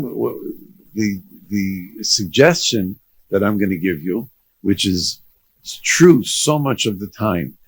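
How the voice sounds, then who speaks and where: A middle-aged man speaks as a rabbi giving a talk to parents and educators, his voice husky and pitched on the low side. He talks conversationally, sprinkling in Yiddish and Hebrew words, and his pitch swings widely as he makes his points. The recording is dry and close. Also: dry recording. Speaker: rabbi and counselor.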